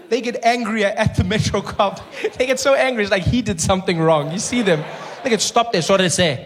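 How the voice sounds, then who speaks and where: A man with a South African accent performing an animated stand-up comedy routine, jumping between voices and shouting. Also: sits high, fast talker. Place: large venue with live audience. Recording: live show recording with loud crowd and noise.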